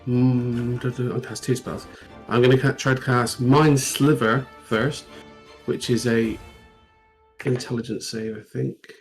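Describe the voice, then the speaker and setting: A man plays at a tabletop game, eager and enthusiastic, with an ordinary middle pitch. Faint music plays behind him. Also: steady tone, measured pace. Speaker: player.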